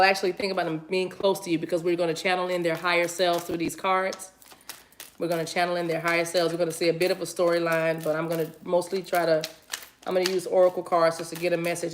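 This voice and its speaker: A woman's voice: lowish voice, a little hiss or hum. Chatty, playful woman tarot reader. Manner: chatty and playful, laughs easily. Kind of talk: casual livestream tarot reading.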